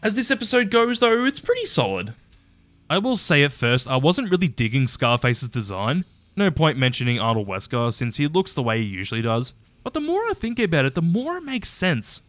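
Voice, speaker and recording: Male video reviewer, quick and animated, chatty and blunt, dry close sound. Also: medium pitch, no echo. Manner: chatty and opinionated, with mild swearing. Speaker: YouTube episode reviewer. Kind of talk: casual commentary ranking episodes.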